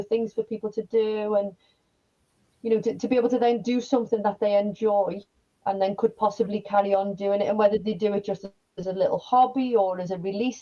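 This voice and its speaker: A woman's voice: mid-range voice, dark tone. A woman hosting an interview, making encouraging comments and ending her points with tag questions. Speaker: podcast host. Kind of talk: interview chat. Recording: muffled lo-fi sound.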